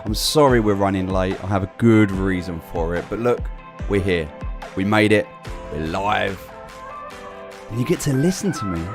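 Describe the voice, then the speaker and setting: British male streamer, lowish voice, chatty host greeting chat by name. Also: expressive, normal speed, music in the background. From United Kingdom. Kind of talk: casual live-stream chat.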